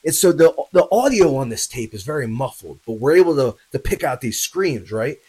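A man's voice: medium pitch, big pitch swings, brisk, breathy edge, low-quality recording. A man hosting a podcast, narrating a true story in a casual, conversational way, talking straight to his listeners and pushing harder at the tense moments. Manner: conversational, addresses listeners, many fillers and tag questions; grows louder and more urgent at tense moments.

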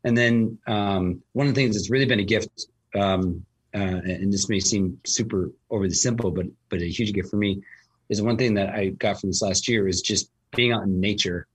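A man with a low, husky voice, chatting casually as a host. He rambles through his story, full of ums and restarts. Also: normal speed. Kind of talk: casual conversation.

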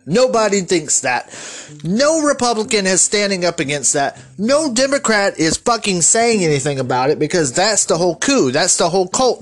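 A man hosting a podcast, delivering an angry political rant full of swearing and shouting at his listeners. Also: sits high. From United States. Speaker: podcast host.

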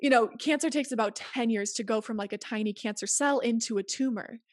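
A woman appears as a podcast guest, giving advice in casual conversation with an earnest, emphatic manner. Her voice is fairly high and a little fast, and the recording is dry with clean studio sound.

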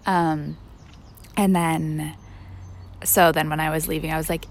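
A woman's voice: sits low, little pitch movement, a little slow, long pauses, a little hiss or hum. A young woman telling a personal story in a casual vlog, chatty and full of fillers. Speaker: vlogger.

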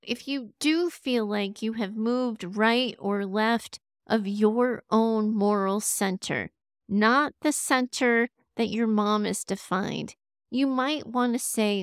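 A woman's voice: fairly high pitch, slow pace, smooth, no room sound, clean studio sound. A woman hosting an advice podcast, talking straight to her listeners with the odd laugh. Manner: warm direct advice, speaking straight to listeners; laughs now and then. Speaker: podcast host.

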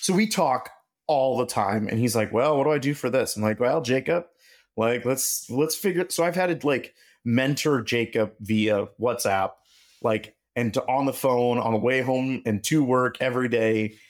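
Animated man telling shop stories. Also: medium pitch, moderate pace. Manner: animated, acts out quoted dialogue. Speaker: podcast guest, machinist. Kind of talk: casual storytelling interview.

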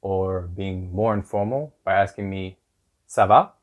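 A man's voice: low voice, a little slow. A man hosting a podcast language lesson as a teacher, upbeat and repeating phrases with exaggerated rising intonation.

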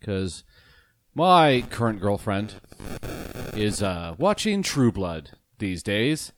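A man in casual podcast banter whose pitch swoops up and down as he teases his friends. He tosses off wisecracks. The recording is dry and close. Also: sing-song, slow, no room sound. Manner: teasing, wisecracking. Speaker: podcast co-host.

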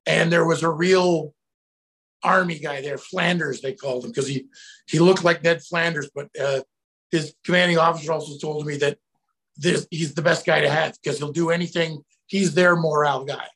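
A middle-aged man, a guest telling anecdotes in a casual, animated way, bursting into shouted quotes. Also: fairly high pitch, moderate pace, vocal fry. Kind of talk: casual storytelling.

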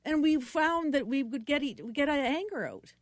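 A woman with a high voice chats casually and tends to giggle. She stops and restarts her sentences as she goes. Her pitch jumps around a lot, and the recording is dry and close. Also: expressive, normal speed, no echo. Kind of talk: casual conversation.

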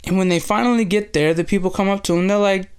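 A devotional host with a gravelly edge in the voice, speaking at a middle pitch. The teaching is casual and relaxed, with scripture retold in slang. Dialogue is acted out with shifts in voice. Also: fast. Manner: retells scripture in slangy everyday speech.

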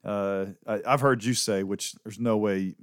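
A man's voice: fairly low pitch, steady tone, a little slow, smooth, no echo, studio quality. A man co-hosting a church podcast as a pastor, talking in an easygoing, teasing way. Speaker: pastor and co-host. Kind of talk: casual podcast chat.

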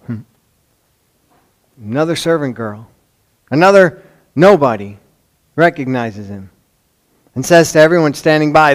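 A man with a Chicago accent preaching a sermon, swinging from loud emphasis to hushed lines, with conversational asides and rhetorical questions. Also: a little high, animated, normal speed, long pauses. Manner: dramatic swings between loud emphasis and hushed near-whispers. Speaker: pastor.

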